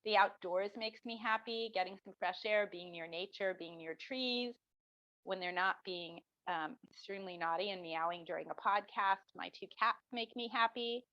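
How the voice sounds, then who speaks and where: A middle-aged woman, a marketing professor, answering interview questions as an animated storyteller who acts out the people she quotes. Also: mid-range voice, normal speed, no echo. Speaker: marketing professor, podcast guest. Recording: dull dry lo-fi sound.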